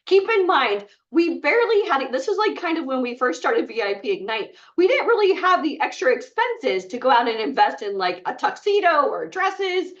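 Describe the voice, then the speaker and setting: A woman's voice: high voice, very animated, moderate pace, hardly any pauses, recorded from a distance, dull audio. A woman speaking to a live group, retelling a personal story in a chatty way with many fillers. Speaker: bootcamp speaker.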